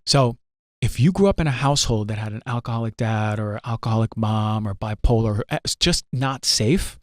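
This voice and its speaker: A man's voice: on the low side, brisk, no room sound. Earnest man in a dry recording. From New Jersey. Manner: emphatic, repeats phrases, frequent "right?". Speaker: podcast guest. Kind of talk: earnest conversational teaching.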